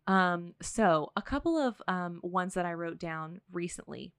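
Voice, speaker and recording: Bubbly woman cohost, kinda low voice, chatty, laughs a lot, dry sound. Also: expressive, unhurried, smooth, no room sound. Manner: chatty, bubbly, laughs often, many fillers. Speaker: podcast co-host. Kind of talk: casual chat. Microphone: studio mic.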